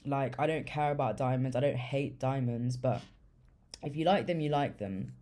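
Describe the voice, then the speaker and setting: A woman's voice: a bass voice, normal speed, dark tone. A young woman telling a story in a loose, casual way, full of swearing and fillers like "like". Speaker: vlogger.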